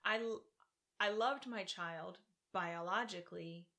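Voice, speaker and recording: A woman from Virginia, a podcast guest telling a personal story in casual interview talk, animated and laughing often. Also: mid-range voice, slow. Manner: animated, laughs often, acts out her own quotes. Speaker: podcast guest, practicing shaman.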